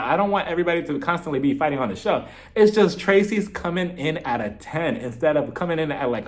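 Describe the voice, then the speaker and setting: With a voice on the high side, a young man chats animatedly through a jokey, casual review of a reality TV episode, peppering it with "like."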